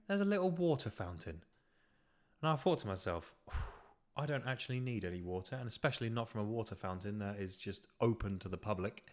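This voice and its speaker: A man with a British accent, hosting a podcast and delivering a sweary, exasperated, self-mocking comedic rant. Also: mid-range voice. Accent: British English. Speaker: podcast host. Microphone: podcast microphone.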